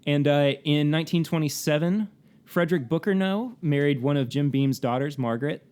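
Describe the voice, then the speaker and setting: A man's voice: on the high side, normal speed, darkish tone, smooth. A man co-hosting a casual podcast, talking through facts with many fillers. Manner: chatty, reads facts with frequent fillers and laughs. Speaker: podcast co-host. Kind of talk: casual chat.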